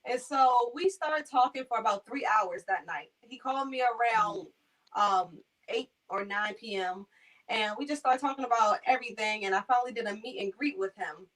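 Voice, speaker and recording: A woman's voice: on the high side, moderate pace, far from the mic, rough recording. A young woman from Maryland, a caregiver, telling her stories in a casual interview and acting out the people in them. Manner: animated, acts out voices in her stories.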